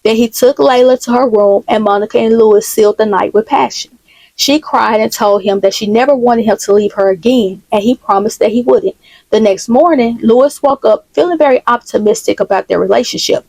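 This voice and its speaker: Woman storyteller, story recap narration, conversational, fairly high voice, dry close sound. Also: a little fast, gravelly, a little mellow, dry recording, rough recording.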